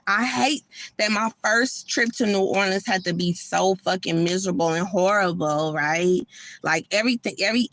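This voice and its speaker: A woman's voice: medium pitch, a bit bright. A woman, venting in a rambling, emotional vlog from a parked car, upset and homesick. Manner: venting, rambling, repeats herself. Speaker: vlogger.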